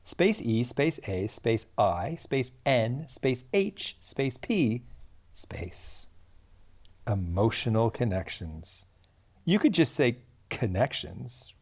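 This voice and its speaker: A man's voice: mid-range voice, sing-song, slow, a little mellow. A man co-hosting a podcast, chatting casually with dry, wry humor while solving a crossword. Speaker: podcast co-host.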